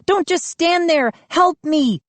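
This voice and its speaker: A woman's voice: expressive, slow pace, no room sound. A woman voicing a frantic, indignant teenage girl who shrieks her lines. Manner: shrill, indignant.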